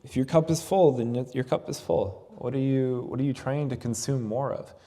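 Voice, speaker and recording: A man voicing a calm older male Zen master in a spoken teaching story, patient and gently instructive. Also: mid-range voice, normal speed, big-room sound, voice pushed up, close to an everyday voice.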